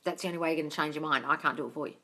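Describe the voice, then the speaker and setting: A woman's voice: low-pitched, racing, bright, forceful tone. A woman hosting a casual live-stream Q&A as a manifesting coach, answering questions bluntly, swearing freely and calling listeners darling.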